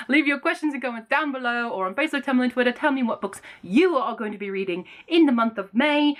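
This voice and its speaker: A woman with a slightly high voice talks casually to her viewers about books. She is bubbly and exclaims often, in a relaxed vlog chat. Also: fast talker, hardly any pauses. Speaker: booktuber.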